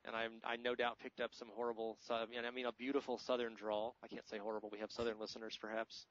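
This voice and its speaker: A man's voice: mid-range voice, monotone, fast talker, fairly bright tone. An American man hosting a podcast in casual, joking, rambling chat. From United States. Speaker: podcast host. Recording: dry, slightly muffled podcast audio.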